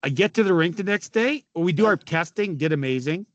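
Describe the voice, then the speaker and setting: A man's voice: sits high, lively intonation, fairly quick, no room sound, dull audio. A man in his fifties with a Canadian accent, a former hockey player telling stories in a casual chat, often swearing, laughing and acting out what others said. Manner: swearing, laughing, acts out quotes. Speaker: podcast guest, former pro hockey player. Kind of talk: casual storytelling.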